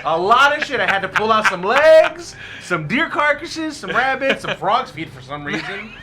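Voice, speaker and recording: Higher, bright male player, casual joking banter. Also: big pitch swings, moderate pace, slight background noise.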